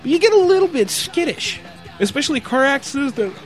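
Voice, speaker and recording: A man telling a rambling, profanity-heavy road rage story with animated asides, sounding a bit tired. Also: very high-pitched, fast talker, faint music behind. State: tired, yawning.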